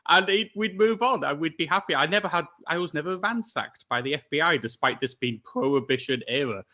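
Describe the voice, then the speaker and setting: A man's voice: a little high, animated, brisk, sharp tone. A man with an Irish accent, co-hosting a casual podcast chat and telling stories in a wry, laughing, exasperated way. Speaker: podcast co-host.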